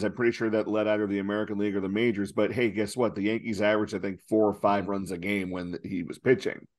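A man co-hosting a podcast, talking through baseball stats in a casual, exasperated way with many fillers. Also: fairly low pitch. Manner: stat-heavy, exasperated, filler-laden. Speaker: podcast co-host. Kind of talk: casual sports chat.

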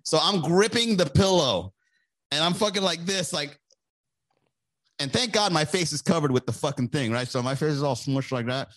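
A man's voice: fairly high pitch, animated, normal speed, fairly bright tone. A man hosting a podcast, telling a rambling, crude story in a casual monologue, laughing often and acting out other people's lines. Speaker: podcast host.

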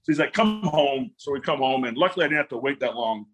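A man's voice: mid-range voice, animated, quick pace, a little hiss or hum. A man in his forties, a former football player as interview guest, telling stories animatedly, acting out quotes and laughing often. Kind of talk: casual storytelling interview.

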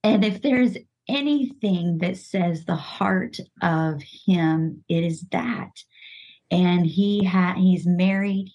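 Middle-aged woman, podcast guest, husky, unhurried, heartfelt and halting, lots of restarts. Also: fairly low pitch, a little mellow, poor audio. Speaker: coach's wife and podcast guest. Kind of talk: emotional personal storytelling.

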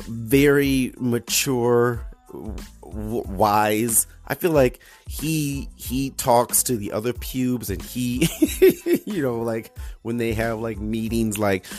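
A man, hosting a casual solo podcast with rambling, crude jokes and frequent restarts. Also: lowish voice. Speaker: podcast host.

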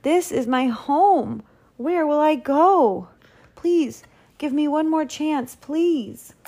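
A woman voicing a fretful, frantic male town baker in a storybook read-aloud, with a high, anxious, pleading delivery. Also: animated, slow pace, warm tone, heavily acted.

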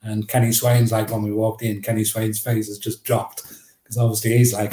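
A man in his fifties with a Northeast English accent, telling lively anecdotes as an interview guest and acting out the quotes. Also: on the low side, moderate pace, echoey room, slight background noise. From Northeast England. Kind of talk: storytelling in an interview.

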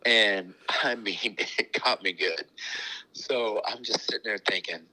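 A man's voice: fairly low pitch, slow, bright, forceful tone, rough recording. A middle-aged man, a racetrack owner, telling rambling, chuckling stories in a casual interview. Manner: rambling, chuckling anecdotes with many restarts.

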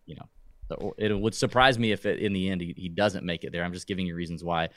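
Low-voiced man, dry close sound. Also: steady tone, fast talker, a bit bright, no echo. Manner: rambling, hesitant, with many restarts. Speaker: podcast co-host. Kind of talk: casual sports chat.

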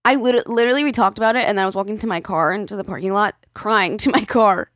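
A woman co-hosting a podcast in relaxed, casual chat. She tells stories with energy and acts out quoted voices as she goes. Her voice sits in a middle pitch and is recorded close and dry. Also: fast, no echo. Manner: animated storyteller acting out quoted voices. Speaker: podcast co-host.

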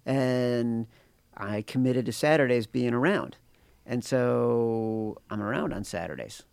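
A man's voice: medium pitch, expressive, slow pace, creaky, a little mellow, clean tone, no echo. A middle-aged man co-hosting a podcast, chatting casually about sports betting, tired and yawning, cracking jokes. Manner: joking, sings improvised ditties. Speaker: podcast co-host.

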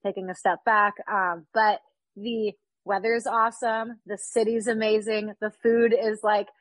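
A woman's voice: medium pitch, little pitch movement, normal speed, no room sound, low-quality recording. A woman in her thirties from California, chatting upbeat and casually as a podcast guest, with lots of fillers. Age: 30s.

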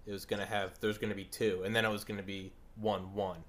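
A man's voice: on the low side, flat delivery, quick pace, fairly bright tone, slight background noise. A man hosting a podcast in casual chat. He rambles and swears with enthusiasm. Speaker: podcast host.

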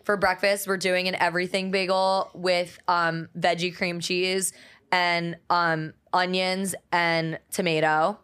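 Young woman cohost, lowish voice, blunt and teasing, just chatting. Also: level tone, slow, a bit bright, clear, resonant tone. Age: young adult. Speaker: podcast co-host. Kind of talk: casual chat.

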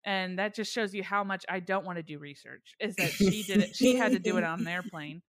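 A woman's voice: medium pitch, fairly quick, a crowd in the background. Self-deprecating woman podcast host. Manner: self-deprecating, laughs often. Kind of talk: casual chat.

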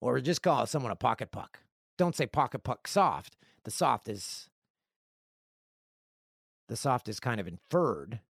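This podcast host is a middle-aged man who reads listener letters and tells lively, jokey stories at his own expense. He speaks unhurriedly at a medium pitch, with a gravelly texture and frequent pauses. The sound is dry and studio-clean.

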